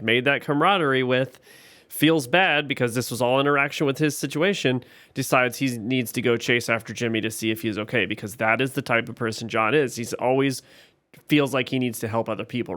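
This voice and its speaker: A man with a smooth, resonant voice walks through a TV episode scene by scene in relaxed podcast chat. He is recorded close up on a dry mic with no room sound. He gets louder and more animated when something frustrates him. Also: medium pitch, dry recording. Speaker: podcast co-host. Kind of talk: casual show recap chat.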